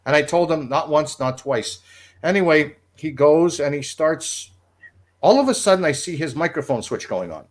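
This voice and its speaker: A former radio producer tells a long, rambling story on a livestream, laughing along at his own tale. His voice is on the high side, his speed normal, and his manner animated.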